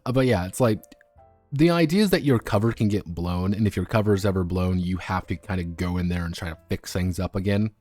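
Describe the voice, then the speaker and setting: A man's voice: low-pitched, fairly quick, darkish tone, no room sound, soft background music. A man streaming a casual, rambling talk about tabletop games, full of fillers and the odd curse. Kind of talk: casual unscripted commentary. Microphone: streaming microphone.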